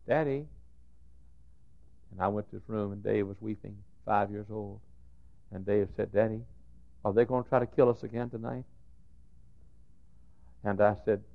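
A middle-aged preacher delivers his sermon in a lowish voice, sinking to near-whispered storytelling before bursting into shouts. The sound is muffled and lo-fi, like an old church tape recording. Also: vocal fry. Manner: swings from hushed storytelling to shouted outbursts. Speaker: pastor. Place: church sanctuary.

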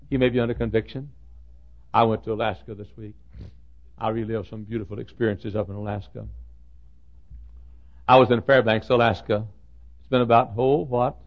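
An older man preaching a sermon, telling stories with many repeats and swinging between loud bursts and hushed asides. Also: medium pitch. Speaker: pastor. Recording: dull lo-fi sermon recording.

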